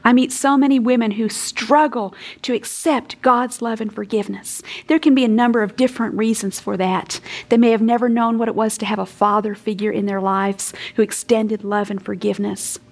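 Female Bible teacher, slightly high voice, emphatic, dramatic in quoted lines. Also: steady tone, moderate pace, hardly any pauses. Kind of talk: sermon-style Bible teaching.

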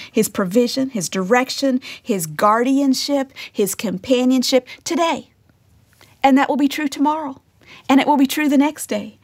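A woman teaching a sermon, earnest, often dropping to a hushed whisper to stress a point. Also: a little high, dry recording. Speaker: Bible teacher.

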